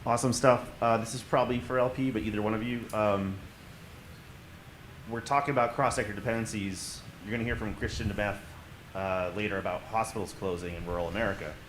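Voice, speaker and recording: A man's voice: fairly low pitch, fairly even intonation, a little fast, a bit bright. A man in the audience asking a long, multi-part question at a conference panel. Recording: echoey room with audible hiss.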